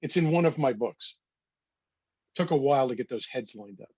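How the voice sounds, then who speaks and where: A photographer with a slightly rough, husky voice, chatting casually through a slideshow of his pictures. He tells wry little anecdotes with a mid-range pitch. The sound is muffled and dry, close and dull. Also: expressive, normal speed, a little mellow, no echo. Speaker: photographer presenting his work.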